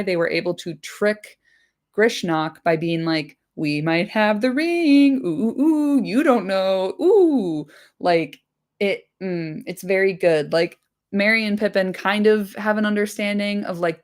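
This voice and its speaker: A woman hosting a casual book-chat podcast, rambling along with lots of fillers and cheerful swearing. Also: fairly low pitch. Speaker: podcast host.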